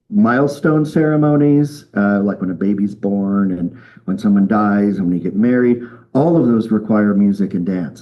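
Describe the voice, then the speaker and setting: A man from the United States leading a live group workshop, relaxed and chatty, with frequent ums and okays. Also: fairly low pitch, highs cut off. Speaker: workshop leader. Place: room with a group of people.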